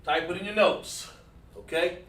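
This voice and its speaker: Male instructor, fairly high voice, patient, keeps checking in, roomy echo. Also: measured pace, a bit bright, slight background noise. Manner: patient, checks in with repeated "okay, all right", praises students. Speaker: class instructor. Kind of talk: livestreamed language class. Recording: echoey room, voice far from mic.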